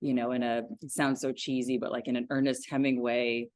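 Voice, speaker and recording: A woman in her forties, a yoga teacher, talking about her practice in a casual podcast interview, enthusiastic and quick to laugh. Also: rumbling low, flat delivery, darkish tone, dry recording, clean studio sound. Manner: enthusiastic, laughs easily, thoughtful.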